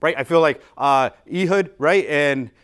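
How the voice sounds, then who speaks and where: A man preaching a sermon at church in a conversational, animated way, reading scripture and explaining it with everyday examples. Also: a little high, a little slow, clean tone. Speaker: pastor.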